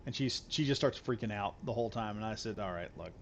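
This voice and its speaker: A man's voice: fairly low pitch, fairly even intonation, fast, slight background noise. A man chatting loosely to viewers while he live streams a game, rambling and repeating himself. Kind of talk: casual live stream chat while gaming.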